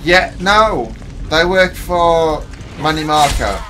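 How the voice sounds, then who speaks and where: A man's voice: on the high side, expressive, takes it slowly, pushed and bright, slight background noise. A young man chatting while he plays a video game, rambling and hesitant but playful. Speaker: gaming channel co-host. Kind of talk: casual gameplay banter.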